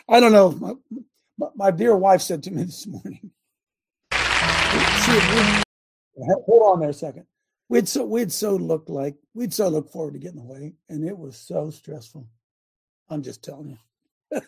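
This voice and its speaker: A man hosting a talk show in a preachy, rambling rant. He swings from loud outbursts to low asides and restarts his sentences often. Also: gravelly, husky. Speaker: show host.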